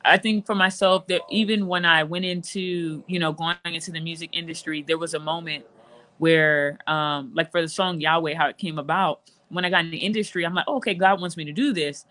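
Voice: medium pitch, steady tone, fairly quick, sharp tone. A gospel singer talks as a guest, telling a personal testimony in conversation. The delivery is earnest and emotional, with a mid-range voice that often restarts its sentences.

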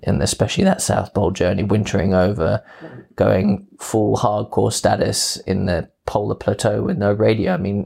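A young man in his twenties with a low, gravelly, husky voice, speaking in a relaxed interview. He tells his stories with animation and slips into playful voices when quoting people. His accent is English with some Australian touches. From England. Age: 20s. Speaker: guest. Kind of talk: casual interview answers.

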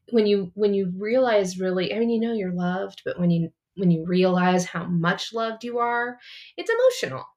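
A woman in a casual podcast chat, her voice sitting at a middle pitch. She speaks warmly supportive, encouraging her co-host along.

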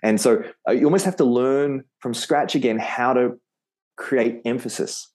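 A man's voice: mid-range voice, normal speed, darkish tone. A man with an Australian accent, a podcast guest who teaches Spanish, explaining patiently and repeating words to show how they sound. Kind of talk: podcast interview.

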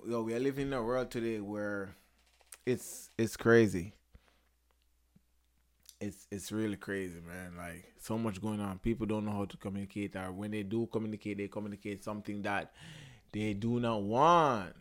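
A young man hosting a podcast, talking casually about relationships in an animated, emphatic way, swearing, repeating himself and searching for words. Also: lowish voice, normal speed, long pauses. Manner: searches for words, frequent restarts. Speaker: podcast host.

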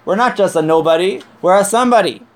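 A man's voice: high-pitched, quick pace. A man teaching a conversational Torah class from sources, earnest and emphatic, repeating his points and telling a joke to make them.

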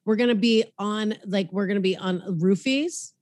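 A woman's voice: medium pitch, moderate pace, a little mellow, dry recording, clean studio sound. A young woman hosting a comedy podcast, talking frankly and crudely in a casual chat and quoting others.

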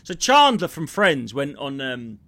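A man, a comedian co-hosting a podcast, telling stories and ranting in a sweary, animated way. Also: medium pitch, a little slow, no room sound. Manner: sweary, ranting, jumps between impressions and storytelling. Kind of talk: casual comedy chat.

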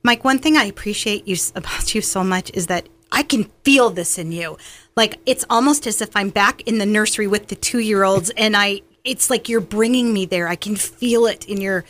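Woman, talk host, effusive, affirming, faith chat, mid pitch. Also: moderate pace, a bit bright.

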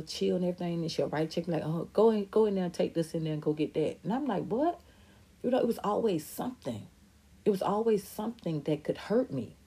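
With a fairly low, creaky, dark and slightly rough voice, a middle-aged woman hosts her podcast. The talk is personal and emphatic: she shares candidly about her life, responds to viewer comments and occasionally does impressions of other people.

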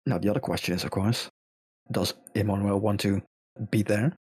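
A man's voice: lowish voice, fairly even intonation, normal speed, darkish tone, husky. A man playing a tabletop game, laid-back and matter-of-fact. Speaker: player. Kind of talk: tabletop role-play.

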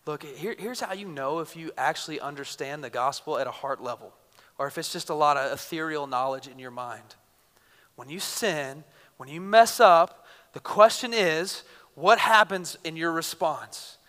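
A man in his thirties preaching a sermon in an earnest, conversational way, shifting between loud bursts and quiet intensity. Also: on the high side, normal speed. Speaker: pastor. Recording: reverberant hall.

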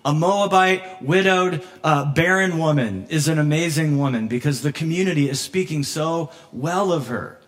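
A pastor delivers a sermon in a conversational, animated style, laughing often, acting out the voices he quotes, and at moments nearly crying with emotion. His voice sits on the high side, and he speaks at a moderate pace with hardly any pauses.

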